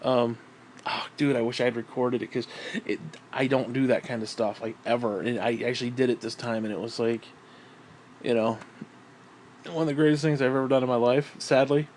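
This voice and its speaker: Speaking fairly fast with mostly even intonation, a man with a mid-range, slightly dark voice wanders through thoughts on his writing. He curses freely and trails off with fillers, over faint background noise.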